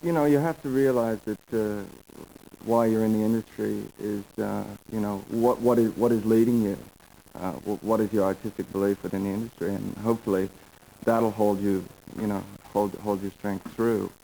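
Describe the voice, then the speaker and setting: A young actor answers talk show questions hesitantly and gropes for his words. His voice is gravelly and dark. He leans on lots of fillers. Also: on the low side, fairly even intonation, normal speed, slight background noise, rough recording. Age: young adult. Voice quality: hesitant, searching, many fillers. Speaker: actor guest. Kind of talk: TV interview.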